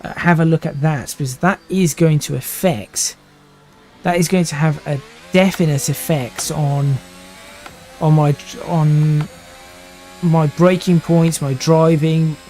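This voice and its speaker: A man's voice: a little high, fairly even intonation, slow, a little mellow, faint music behind. A man in his twenties streaming a racing sim live, thinking aloud and restarting sentences while he drives. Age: 20s.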